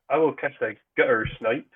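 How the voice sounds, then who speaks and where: A man playing a card game over a call, explaining his moves in a halting way. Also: mid-range voice. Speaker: player. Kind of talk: casual game chat. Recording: husky voice over a tinny call line.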